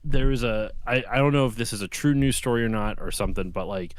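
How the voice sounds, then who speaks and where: A man's voice: mid-range voice, quick pace, smooth, no echo. A man co-hosting a casual live-streamed talk show, rambling through stories with many restarts. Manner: rambling, restarts, loose storytelling. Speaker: podcast co-host.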